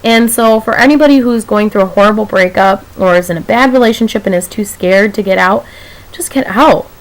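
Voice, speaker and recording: A woman's voice: medium pitch, fairly quick, low-quality recording. A young woman talking to camera in a casual vlog, rambling and emotional, laughing often as she talks. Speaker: vlogger.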